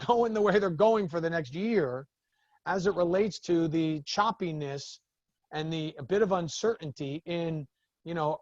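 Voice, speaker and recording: High-voiced man telling lively business stories. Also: dry recording, highs cut off. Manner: animated storytelling, acts out the other people in his stories. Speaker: business coach. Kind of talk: talking to a group of business owners.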